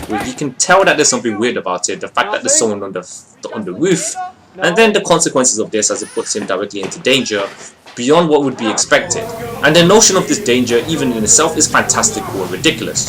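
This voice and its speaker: A young man giving a casual, rambling video review of a friend's short film, expressive and full of fillers. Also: mid-range voice.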